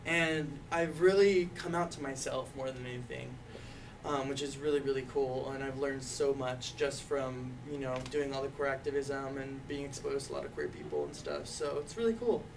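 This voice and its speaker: A man's voice: mid-range voice, normal speed. Young man telling a personal story. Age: young adult. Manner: casual, full of "like" and "you know", laughs often. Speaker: youth activist intern. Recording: distant mic, faint background noise.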